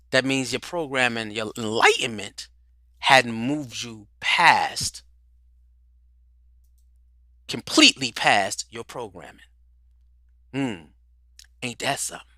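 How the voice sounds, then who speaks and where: Preacherly man with a bright, close voice. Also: fairly high pitch, no room sound. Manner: preacherly, rhetorical questions, repeats words, swings from loud to quiet. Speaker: host. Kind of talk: livestream talk on spirituality and culture.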